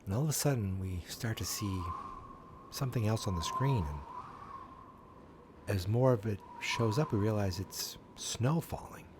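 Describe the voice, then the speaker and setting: A man hosting a podcast, recapping an episode in a casual, animated storytelling way. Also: on the low side, measured pace, background noise. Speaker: podcast host.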